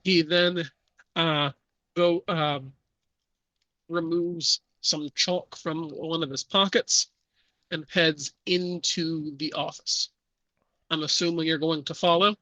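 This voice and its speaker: Male game master, unhurried and bright, dry recording. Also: on the high side, steady tone, no echo. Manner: measured, with many fillers. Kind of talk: narrating a tabletop horror game.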